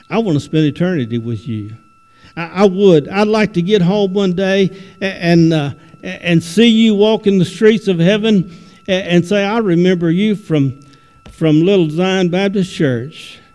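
Man, high-pitched, visiting preacher, folksy sermon, halting restarts, church with long reverb. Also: a little mellow. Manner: folksy, repeats words and restarts often. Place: church sanctuary.

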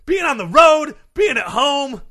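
A man puts on an endlessly sunny young ballplayer in a podcast comedy sketch, yelling out every thought with glee. The voice sits very high, swooping wildly up and down, and sounds piercingly bright. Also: very animated, measured pace, full character voice. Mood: upbeat. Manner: shouty, over-enthusiastic, always upbeat. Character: relentlessly cheerful young male baseball star.

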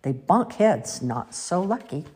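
A woman reading children's stories aloud in an expressive, sing-song way. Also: fairly low pitch, takes it slowly, breathy edge. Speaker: storyteller. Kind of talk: children's story read-aloud.

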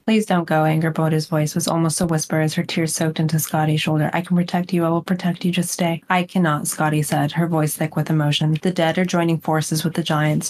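A woman with a low voice reads long stretches of a novel aloud on a book-club podcast. Between the passages she breaks off for short, casual remarks with her co-host. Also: darkish tone. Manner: reads long passages steadily, chats briefly between them.

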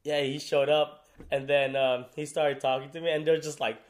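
Animated, laughing man telling stories. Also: on the high side, moderate pace. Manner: animated, laughing, swears freely. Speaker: co-host. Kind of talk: casual podcast chat.

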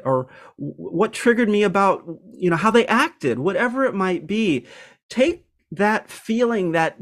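Reflective man with many filler pauses. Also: high-pitched. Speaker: podcast host. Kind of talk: casual self-help talk.

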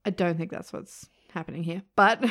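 A woman's voice: fairly low pitch, moderate pace, a bit bright. Woman in casual chat. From Australia. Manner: reads out quotes, frank and swears casually. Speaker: podcast co-host.

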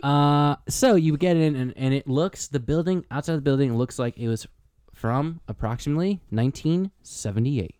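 A man's voice: mid-range voice, moderate pace, mellow, no room sound, studio quality. A young man from Connecticut co-hosting a podcast, chatting casually and telling rambling, joking stories. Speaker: podcast co-host. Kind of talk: casual chat.

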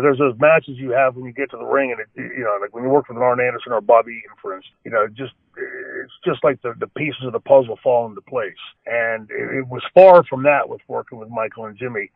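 A man's voice: medium pitch, vocal fry, no echo. Man rambling stories over a tinny line. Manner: rambling, frequent "you know" and restarts. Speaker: former pro wrestler telling stories. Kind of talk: storytelling interview answers. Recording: dry, tinny phone-like line.

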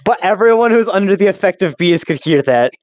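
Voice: medium pitch, animated, a little fast, no room sound. A player describing what their character does, hesitant and restarting mid-sentence. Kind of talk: tabletop role-play narration of own character.

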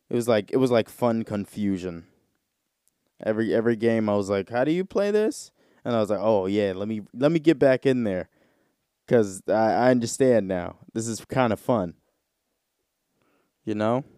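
A man rambling through a casual solo podcast, full of slang and "bro." His voice is smooth and resonant. The sound is close and dry, with no room around it. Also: lowish voice, mellow, no echo. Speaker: podcast host.

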